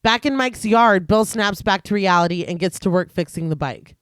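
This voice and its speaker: A woman's voice: medium pitch, normal speed, dry recording. A woman co-hosting a casual horror podcast, reading scene recaps and joking between them. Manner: reads plot summary then jokes and laughs.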